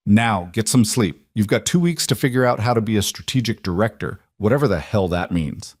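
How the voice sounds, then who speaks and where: A teasing but loving big sister urging her brother on, as a man voices her in a storybook. Her lines sit on a low-leaning voice that sounds close and dry. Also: expressive, a little fast, dry recording. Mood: encouraging. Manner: warm, encouraging and wry. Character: caring, teasing older sister.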